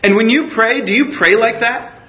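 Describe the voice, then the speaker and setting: A middle-aged man preaching a sermon, asking his listeners questions and sometimes dropping to a hushed voice. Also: very high voice, moderate pace, echoey room. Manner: animated, questions the audience, drops to a hushed voice in guided imagery. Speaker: pastor. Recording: dull lo-fi recording.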